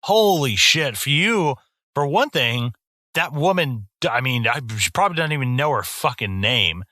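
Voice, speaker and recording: Young male podcast co-host, casual film talk, swears freely, bright, dry close mic. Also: medium pitch, normal speed, dry recording. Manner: profane, animated storytelling with put-on voices.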